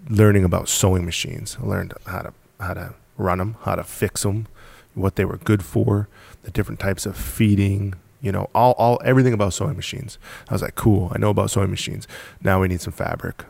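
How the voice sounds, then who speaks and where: A very low, gravelly male voice recorded close and dry on a studio podcast mic. He is a blunt, driven guest who tells his story casually, with the odd curse and a short laugh. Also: fairly even intonation, a little fast, few pauses, darkish tone, dry recording. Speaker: podcast guest, apparel company founder.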